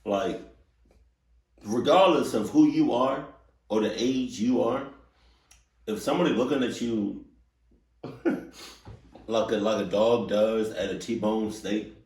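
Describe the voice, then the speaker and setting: A man hosting a reaction video in casual commentary, animated and repeating rhetorical questions. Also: on the low side, slow, pauses often, recorded from a distance. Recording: roomy sound from off mic.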